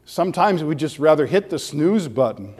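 A man preaching a sermon as pastor, earnest and full of rhetorical questions, his voice growing animated as he goes. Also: fairly high pitch, moderate pace, breathy edge, in a large hall.

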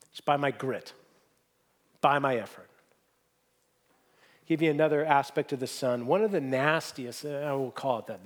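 A man preaching a sermon as a pastor, telling stories in an earnest, conversational way. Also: medium pitch.

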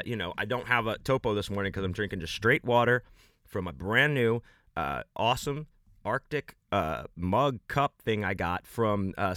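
A man hosting a podcast, giving loose, rambling, enthusiastic shout-outs to supporters in casual talk. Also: on the low side, dry recording, clean studio sound. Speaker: podcast host.

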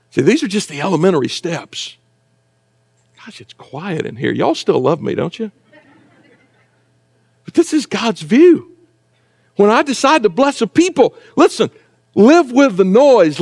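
High-voiced preacher man. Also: darkish tone. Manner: conversational preaching with asides and humor. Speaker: pastor. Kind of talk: sermon. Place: church sanctuary.

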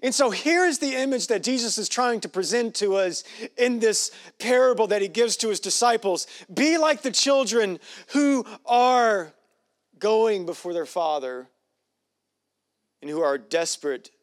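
A man's voice: high voice, lively intonation, measured pace. A man preaching a sermon in a folksy, joking way with playful asides. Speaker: pastor.

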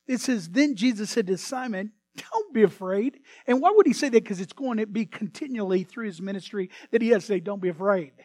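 A man preaching a sermon as pastor, swinging between hushed asides and sudden loud bursts. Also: sits high, quick pace, hardly any pauses, no echo.

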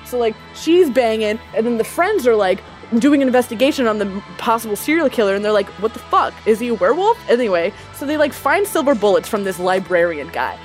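Animated, swearing woman recapping a movie. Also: a little high, brisk, hardly any pauses, faint music behind. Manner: rambling, profane, lots of "like". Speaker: podcast co-host. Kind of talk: casual movie recap chat.

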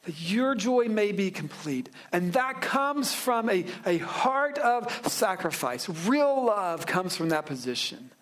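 A pastor preaching a sermon in a relaxed, joking way, slowing down to stress key phrases. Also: male voice, high voice. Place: church sanctuary.

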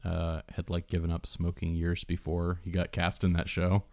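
Very deep gravelly-voiced man. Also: monotone, normal speed, darkish tone, no room sound. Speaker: podcast co-host. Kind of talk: casual movie podcast chat.

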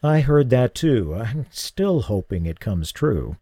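A man's voice: medium pitch, big pitch swings, slow pace, no echo, clean studio sound, exaggerated voice. A man doing a weary, wry middle-aged dad. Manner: tired, gentle and wry. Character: weary middle-aged father, radio host.

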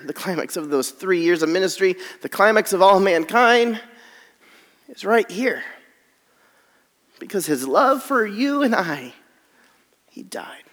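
Man, pastor, sermon, high voice, long hall reverb, drops to hushed whispers. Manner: reads scripture aloud with dramatic drops to near whispers.

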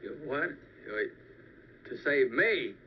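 A man's voice: mid-range voice, big pitch swings, slow, slight background noise. An actor playing a tired, doubting man who answers wryly, heard on a dull old film soundtrack. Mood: skeptical. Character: weary, skeptical young man after a crisis.

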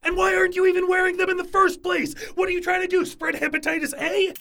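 An actor playing a bossy, perfectionist male head chef who barks sarcastic orders and yells at his kitchen staff. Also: sits high, sing-song, moderate pace, vocal fry, exaggerated voice. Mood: furious. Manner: barking, sarcastic, demanding.

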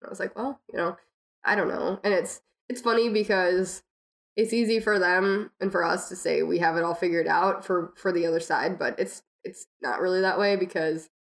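A woman's voice: fairly low pitch, moderate pace. Young woman from Minnesota telling stories. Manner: animated anecdotes, hedging, "like" and "you know". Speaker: guest. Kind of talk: casual storytelling chat.

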